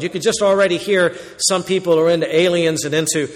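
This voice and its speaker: A man preaching a verse-by-verse sermon, swinging between loud emphatic warnings and quiet low asides. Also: fairly even intonation, quick pace, hardly any pauses, big-room sound. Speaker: pastor. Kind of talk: expository sermon.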